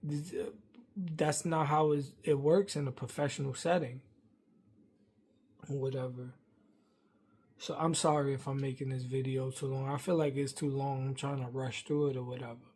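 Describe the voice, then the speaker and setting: A man, venting a rambling workplace story to camera, swinging from loud outbursts to muttering. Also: little pitch movement, normal speed, pauses often, slight background noise. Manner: heated, rambling, acts out quotes loudly then drops low.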